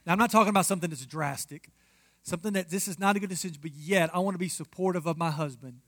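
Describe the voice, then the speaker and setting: A man's voice: a little high, rapid-fire, a bit bright. A man preaching a marriage sermon as pastor, emphatic and addressing the congregation directly.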